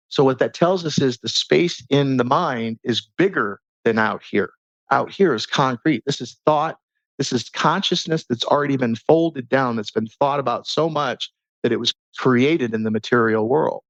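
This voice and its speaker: A man guest on a podcast, talking in a casual, animated way and teaching through stories and rhetorical questions. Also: medium pitch, no room sound. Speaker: podcast guest, transformation coach. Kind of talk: casual conversational interview. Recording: dull lo-fi sound.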